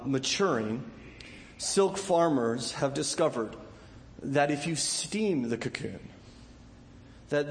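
A man preaching a sermon as pastor, impassioned and building to loud emphatic peaks, often repeating words as he restarts. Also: mid-range voice, big-room sound.

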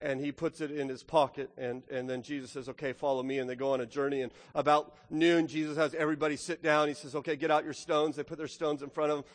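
A man with a high-pitched voice preaching a sermon, animated and expressive, swinging between loud, urgent passages and hushed ones and acting out the lines he quotes. His voice rings out with a long reverb, as in a church sanctuary. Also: fast, few pauses. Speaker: pastor.

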